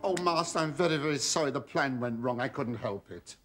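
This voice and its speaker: A middle-aged actor playing a bumbling, scheming Roman slave who rambles in flustered asides to the audience, in a 1970s TV sitcom. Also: male voice, medium pitch, fairly quick, over music, close to an everyday voice. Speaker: servant. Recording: noisy 1970s TV sitcom recording.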